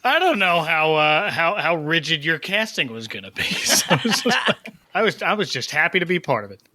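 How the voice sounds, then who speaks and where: A man's voice: fairly high pitch, big pitch swings, fairly quick, pushed and bright, dry recording, clean studio sound. A man chatting as a podcast guest, grateful and laughing.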